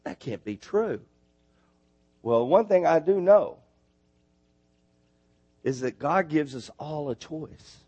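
A man preaching a sermon, animated and building to emphatic near shouts on his points. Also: a little high, slow pace, pauses often, breathy edge, highs cut off. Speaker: missionary preacher. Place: church.

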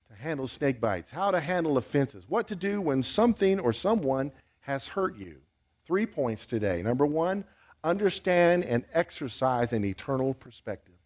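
A man's voice: mid-range voice, a little mellow. Wry, chatty male preacher. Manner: conversational, wry, asks questions. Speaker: pastor. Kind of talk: sermon.

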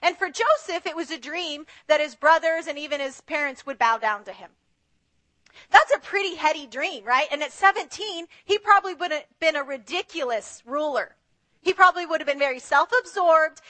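Woman preaching, very high voice, bright tone, animated delivery, acts out quotes. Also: moderate pace. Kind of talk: sermon.

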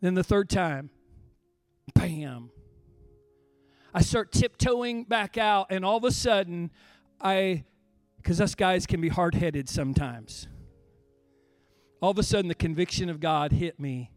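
A middle-aged male pastor with a strikingly high voice preaches with passion, sinking to near-whispers and then climbing to full shouts. The sound is close and dry, with faint music underneath. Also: measured pace, pauses often, no echo. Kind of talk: sermon.

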